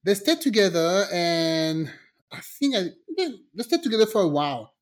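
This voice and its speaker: A woman casually telling a personal story on a podcast, acting out the people in it with big swings in her voice and swearing freely. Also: moderate pace. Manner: animated, acts out quoted voices with big pitch jumps, swears freely.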